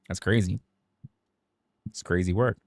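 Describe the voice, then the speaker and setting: A man's voice: deep voice, fairly even intonation, a little slow, dry recording, studio quality. A young man from New City, ranting animatedly and jokingly on a livestream. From New York City. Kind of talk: casual livestream rant.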